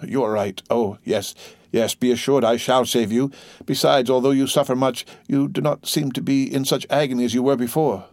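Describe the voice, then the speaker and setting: A man's voice: medium pitch, fairly even intonation, normal speed, a little mellow, no room sound, clean studio sound, close to an everyday voice. Man doing a desperate young prisoner. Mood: reassuring. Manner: pleading, rising in alarm.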